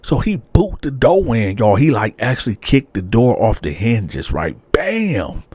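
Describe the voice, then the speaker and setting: A man casually telling a true-crime story, slangy and animated, often checking in with "right?". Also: medium pitch, measured pace, husky, no room sound.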